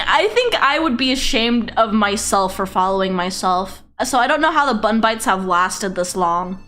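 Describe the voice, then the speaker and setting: A VTuber streamer reads and answers chat messages during a casual livestream, giggly, chaotic, and self-mocking. Her mid-range voice is expressive and fairly bright, moving at a moderate pace with few pauses. Faint music plays in the background.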